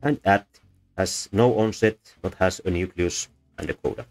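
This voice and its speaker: A man with a very deep voice talks through a lesson in a thoughtful, halting way, pausing often with fillers. Soft instrumental music plays faintly behind him. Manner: thoughtful, hesitant with many fillers. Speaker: presenter. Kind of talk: unscripted explanatory lecture.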